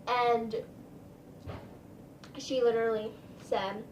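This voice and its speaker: A woman's voice: a little high, normal speed, roomy sound, far from the mic, slight background noise, poor audio. A woman vlogger telling a casual storytime, rambling, with lots of "like" and "um". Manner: chatty, rambling, full of "like" and "um".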